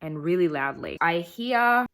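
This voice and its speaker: A woman's voice: on the low side, animated, measured pace, a bit bright. A young woman telling a personal story in earnest, emphatic vlog voice-over. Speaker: travel vlogger.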